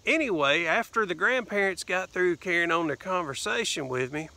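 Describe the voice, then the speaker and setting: A Southern man talks casually to his vlog viewers, meandering through a story with plenty of "uh" and "anyway." His voice is gravelly and fairly high for a man. It has a bright, forceful edge. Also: lively intonation, normal speed. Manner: rambling, lots of fillers and "anyway". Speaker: vlogger.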